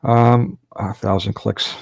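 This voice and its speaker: Fervent, preachy man with a gravelly voice. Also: fairly low pitch, level tone, slow pace, a little mellow, no room sound. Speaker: livestream host. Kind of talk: preaching livestream talk.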